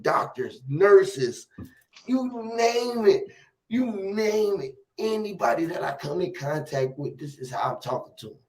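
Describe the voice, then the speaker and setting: A man hosting a casual conversation, telling animated, profane stories and acting out the quotes loudly. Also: on the high side, slight background noise.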